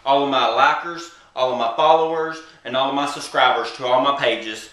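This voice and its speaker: A man's voice: mid-range voice, fairly even intonation, normal speed, few pauses, a bit bright, distant mic. A man telling a boastful comic story straight to the camera in a swaggering, playful way. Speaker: comedy vlogger. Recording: roomy sound from away from the mic.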